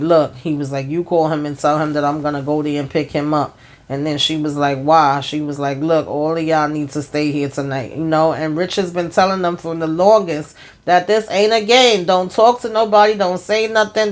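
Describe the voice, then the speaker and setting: A woman giving a casual, colloquial recap of a TV episode, retelling scenes through quoted dialogue and breaking in with her own exclamations. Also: deep voice. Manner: colloquial, frequent fillers. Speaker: TV recap host.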